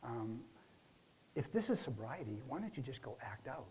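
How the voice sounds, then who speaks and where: A man voicing an upset wife who scolds her husband, in a raised, higher voice. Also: sing-song, normal speed, darkish tone, a little hiss or hum, natural voice, low-quality recording. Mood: scolding.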